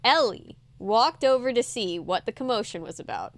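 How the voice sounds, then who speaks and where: A woman's voice: fairly high pitch, expressive, normal speed, a little hiss or hum. A woman host reading a children's mystery aloud in a casual, chatty way, breaking off for jokes and playful voices. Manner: chatty, laughs often, yawning, playful character voices. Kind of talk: casual read-aloud with joking asides.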